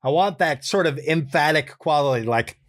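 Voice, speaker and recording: A man recording his own character voices and calmly explaining his process, relaxed, thinking aloud and amused at himself. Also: on the high side, normal speed. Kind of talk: casual behind-the-scenes explanation.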